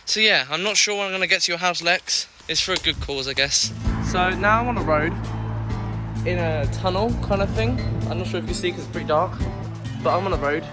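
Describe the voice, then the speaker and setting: Talking to the camera of a handheld phone as he walks outside at night, this young man jokes nervously and pokes fun at himself. He speaks a little fast in a voice that sits high, and background music runs over the outdoor phone audio.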